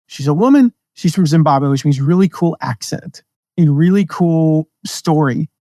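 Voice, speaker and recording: A man from the American Midwest and South with a mostly neutral accent, hosting a podcast and teaching in a casual, energetic, conversational way. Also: on the high side, unhurried, dry recording, clean studio sound. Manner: energetic, conversational, jumps into quoted voices. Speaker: podcast host, affiliate marketing teacher.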